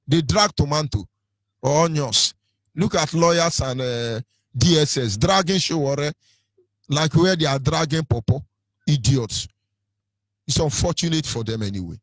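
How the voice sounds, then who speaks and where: A man's voice: a little high, expressive, normal speed, no echo. A Nigerian-accented man presenting on radio in a combative, taunting rant, hurling insults with sing-song lilts.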